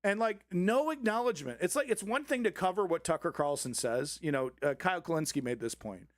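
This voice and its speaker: A man's voice: sits high, lively intonation, brisk, no room sound, studio quality. A man hosting a live commentary stream, ranting sarcastically and swearing often. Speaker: host.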